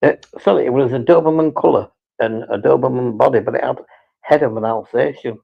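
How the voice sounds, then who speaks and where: A man with a gravelly, husky voice rambles through casual live-stream chat, swearing freely and teasing as he goes. The sound is dull and lo-fi. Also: mid-range voice, brisk.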